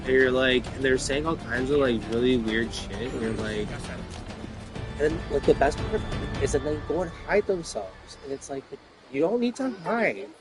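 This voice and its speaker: A man's voice: medium pitch, animated, normal speed, music in the background. A man, rambling about his life with lots of fillers and swearing when worked up. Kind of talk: rambling personal talk.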